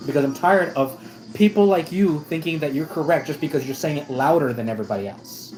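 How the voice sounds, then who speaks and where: A man's voice: a little high, lively intonation, brisk, a little mellow, soft background music, rough recording. Rambling man telling a story. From United States. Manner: rambling, self-correcting, with many restarts. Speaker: vlogger. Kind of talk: casual storytime vlog.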